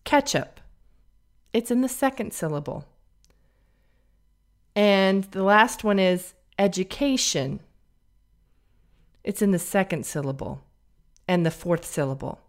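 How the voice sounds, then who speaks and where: A woman teaching pronunciation on a podcast, slowly modeling vowel sounds and example words for listeners to repeat. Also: medium pitch, lively intonation. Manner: slow, careful, drawn-out modeling of vowel sounds.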